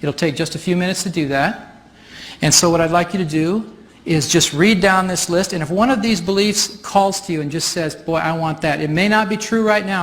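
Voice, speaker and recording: A man's voice: sits high, a bit bright. A man leading a live workshop demonstration on stage, explaining each step in a chatty way and often laughing. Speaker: workshop facilitator. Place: stage before an audience.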